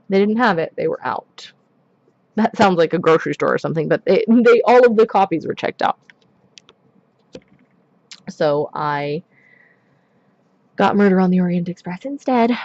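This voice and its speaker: A woman's voice: low-pitched, no echo. Woman, casual nail-art livestream chat, rambling, slightly muffled dry sound. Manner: chatty, rambling, many ums and asides. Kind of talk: casual live-stream chat while working.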